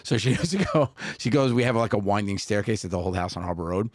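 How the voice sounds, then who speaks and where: A man's voice: lowish voice, animated, quick pace, dry recording, studio quality. A man, co-hosting a podcast and telling family stories, laughing often and acting out the people he quotes. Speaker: podcast co-host. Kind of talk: casual chat, storytelling.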